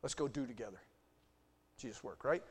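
A male pastor preaching a sermon, swinging from loud bursts to hushed asides. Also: mid-range voice, lively intonation, brisk, slightly rough. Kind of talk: sermon teaching. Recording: long hall reverb.

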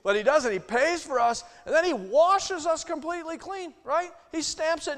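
A male pastor preaching a sermon, swinging from loud bursts to hushed asides. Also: extremely high pitch, normal speed, hardly any pauses. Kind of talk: sermon teaching. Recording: long hall reverb.

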